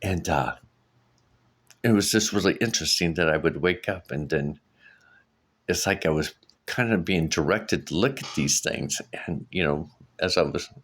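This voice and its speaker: A man's voice: low voice, normal speed, fairly bright tone, breathy edge. A middle-aged man vlogging casually, telling a story in a rambling way with many restarts and fillers. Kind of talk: casual vlog monologue.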